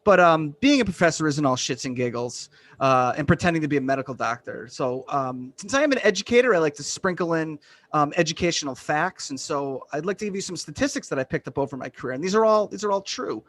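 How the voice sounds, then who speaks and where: A man from Western Massachusetts doing a deadpan, self-deprecating stand-up set over a video call. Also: on the high side, quick pace. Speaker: stand-up comedian.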